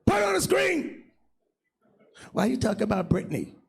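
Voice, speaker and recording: A man leading a religious class as bishop, preaching in a loud, mocking, shouting manner. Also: high-pitched, huge pitch swings, moderate pace, vocal fry, breathy edge. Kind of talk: fiery religious teaching.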